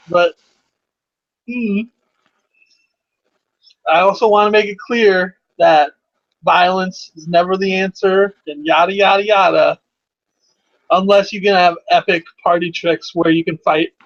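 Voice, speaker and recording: A man co-hosting a casual chat, reacting with quick jokes and interjections. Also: high voice, fairly even intonation. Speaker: podcast co-host. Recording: dull lo-fi audio.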